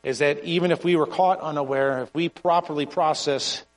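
A man preaching a sermon and reading scripture aloud, in an earnest, halting way with frequent restarts. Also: a little high, fairly even intonation. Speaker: pastor. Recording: long hall reverb.

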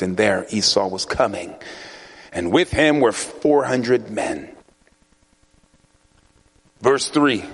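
A male pastor delivering a storytelling sermon in a loose, conversational way. He chuckles often and drops into voices for the people in his stories. His voice sits at an ordinary middle pitch for a man.

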